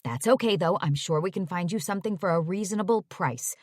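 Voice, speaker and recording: A woman's voice: on the low side, brisk, dry recording, studio quality, lightly acted. A woman voicing an older mother who gushes and chatters on, talking over everyone, read in an audiobook. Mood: chattering. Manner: effusive, talks over others.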